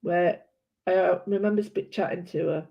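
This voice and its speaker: A woman's voice: lowish voice, fairly even intonation, moderate pace, gravelly. A British woman chatting casually and rambling while she colours, often correcting herself. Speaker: art vlogger. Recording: dull lo-fi sound.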